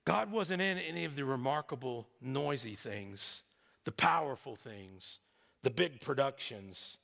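A man's voice: mid-range voice, lively intonation, measured pace, creaky, a bit bright. A male pastor preaching a sermon in a church, conversational with joking asides. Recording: long hall reverb.

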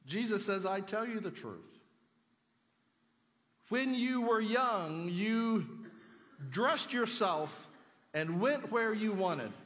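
A man's voice: high voice, animated, takes it slowly, pauses often, a bit bright, in a large hall. A man preaching a sermon in a conversational way, asking the congregation rhetorical questions. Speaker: pastor.

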